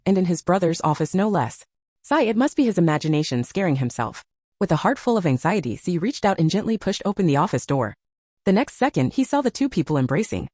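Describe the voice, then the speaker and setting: A woman's voice: fairly low pitch, a little mellow, no echo, clean studio sound. A woman narrating a romance novel in a scripted storytelling manner.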